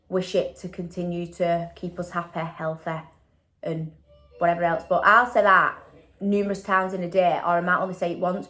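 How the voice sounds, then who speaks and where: A woman's voice: on the low side, a bit bright. Chatty woman. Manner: chatty, tag questions. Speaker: vlogger. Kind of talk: casual chat.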